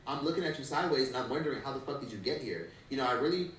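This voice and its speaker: A man's voice: medium pitch, very fast, a bit bright, distant mic, slight background noise. A man giving blunt, profane commentary on an influencer's downfall, recorded off mic in an echoey room. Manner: blunt, swearing. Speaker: commentary YouTuber.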